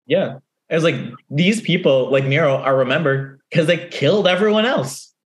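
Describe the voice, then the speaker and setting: A podcast co-host in casual book-club chat, making dry, quick quips. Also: mid-range voice.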